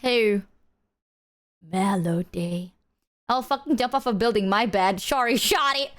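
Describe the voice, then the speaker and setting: A woman's voice: on the high side, brisk, clean tone. Playful swearing streamer woman. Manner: playful, swears freely, breaks into silly sung bits. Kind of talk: casual chat to stream viewers.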